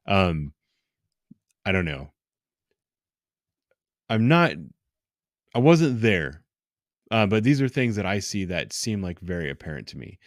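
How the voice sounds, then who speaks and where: A man in his thirties, a police officer, giving frank, exasperated commentary on a live stream with many pauses and fillers. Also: fairly low pitch, very animated, no echo, clean studio sound. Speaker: police officer reacting to bodycam footage.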